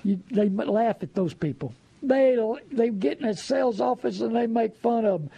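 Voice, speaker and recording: A man's voice: very high voice, expressive, moderate pace, creaky, few pauses, warm tone, husky, no room sound, lo-fi sound. A man giving folksy, preachy money advice, full of rhetorical questions. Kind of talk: casual advice talk.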